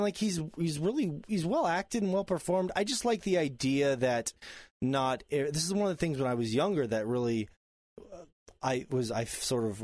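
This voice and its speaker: A man on a casual podcast, talking haltingly with many fillers, his voice jumping up when excited. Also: dry recording. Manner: halting, lots of ums and uhs, animated jumps in pitch. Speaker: podcast co-host. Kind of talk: casual chat.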